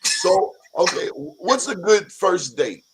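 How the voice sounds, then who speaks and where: A man's voice: high-pitched, very animated, slow, husky. Joking male talk show co-host. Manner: joking, teasing. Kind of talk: casual chat.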